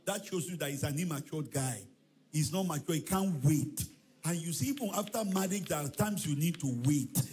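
A man's voice: on the high side, moderate pace, a little hiss or hum. A male pastor preaching a sermon in a church, telling stories with acted-out dialogue and chanted refrains. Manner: animated storytelling preacher, acts out dialogue, shouts and chants. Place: church hall.

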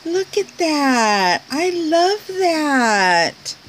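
A woman's voice: sits high, big pitch swings, extremely slow, slight background noise, poor audio. A woman chatting casually as she unboxes a package on camera, gushing over each item and talking to the sender. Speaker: craft vlogger opening mail.

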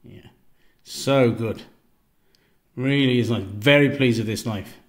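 A man casually reviewing a knife outdoors, relaxed and rambling, often repeating himself and trailing off into a quiet murmur. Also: mid-range voice, slow. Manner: relaxed, repeats himself, stumbles over words. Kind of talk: casual product review vlog.

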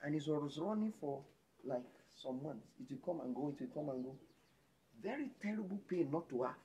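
A man with a Nigerian accent preaching a sermon as pastor, jumping between loud exclamations and hushed lines. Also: a little high, lively intonation, a little fast, a little hiss or hum.

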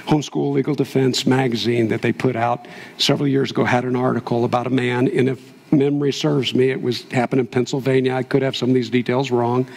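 A man's voice: mid-range voice, level tone, brisk, gravelly, a little mellow. A man preaching a sermon as pastor, telling a story and building to impassioned peaks. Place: church sanctuary. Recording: long hall reverb.

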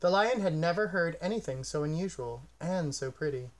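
Expressive man reading a picture book. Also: fairly high pitch, moderate pace. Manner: gentle, expressive storytelling. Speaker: storyteller. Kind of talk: children's picture-book read-aloud.

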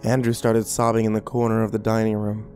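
A man's voice: on the low side, completely flat delivery, a little fast, a little mellow, faint music behind. A man narrating a horror story in a dramatic scripted reading.

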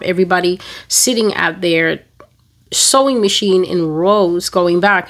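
A woman giving a dramatic personal testimony that turns into preaching. She talks emphatically, repeats words and phrases for effect, and slows down to stress key words. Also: lowish voice. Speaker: Christian testimony speaker.

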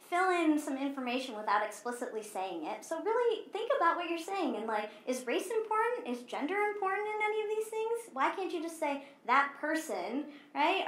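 A woman's voice: high voice, fairly bright tone. A woman giving a conference talk, earnest and conversational, acting out the remarks she quotes. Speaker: conference speaker. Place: conference stage. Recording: echoey hall.

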